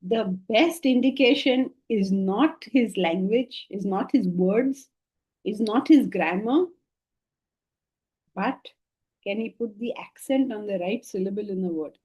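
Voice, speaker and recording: A middle-aged woman teaching a scripture class to listeners, questioning and emphatic, shifting between soft asides and lively stresses. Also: medium pitch, a little slow, highs cut off. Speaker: Vedanta teacher.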